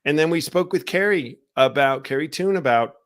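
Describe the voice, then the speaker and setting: A man's voice: a little high, lively intonation, normal speed, noisy background. A man hosting a live online recovery show, talking casually and greeting viewers by name. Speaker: show host. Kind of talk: casual live-stream talk.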